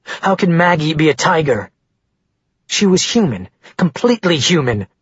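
Husky male audiobook narrator, dry booth sound. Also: fairly high pitch, very animated, normal speed, no echo, lo-fi sound. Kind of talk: scripted narration.

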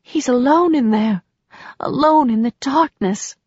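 Storybook read-aloud: woman reading as a desperate, grieving young woman, slow delivery, dry sound. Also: high-pitched, darkish tone, no echo, voice pushed up. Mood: tearful. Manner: pleading, tearful, breathy. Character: heartbroken young woman pleading for her lost lover. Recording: slightly dull dry recording.

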